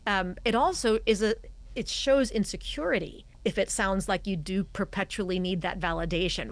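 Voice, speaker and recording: A woman's voice: mid-range voice, moderate pace. A middle-aged woman, a communication coach, who explains her points emphatically and acts out voice habits as examples during a podcast interview. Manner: emphatic, demonstrates voice habits as she talks.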